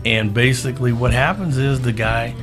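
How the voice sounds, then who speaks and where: A man in his fifties from Southern California, a guest telling a story with animated delivery, often acting out other people's voices with a laugh in his voice. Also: medium pitch, normal speed. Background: background music.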